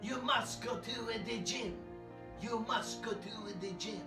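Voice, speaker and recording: A man playing an eccentric immigrant male poet who speaks broken English and declaims loudly. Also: very high voice, slow pace, roomy sound, far from the mic, over loud music, exaggerated voice. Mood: ranting. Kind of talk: comedy character monologue.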